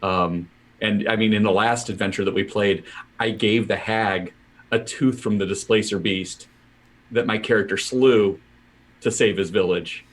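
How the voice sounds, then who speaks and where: Male tabletop player, low voice, hesitant, lots of fillers. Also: fairly even intonation, measured pace. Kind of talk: playing a tabletop game in character.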